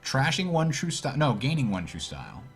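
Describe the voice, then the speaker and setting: A man casting a card game tournament, thinking out loud and reacting with puzzled surprise. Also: medium pitch, brisk, slightly rough, soft background music. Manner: thinks aloud, puzzled and animated. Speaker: tournament commentator. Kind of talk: casual game commentary.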